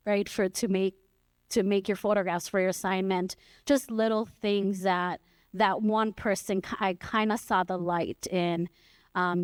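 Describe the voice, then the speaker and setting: A woman's voice: mid-range voice, clean tone, no room sound. A woman in her forties, a photography teacher, speaking candidly on a museum art panel, telling stories with many restarts and quoted dialogue. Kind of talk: panel discussion remarks.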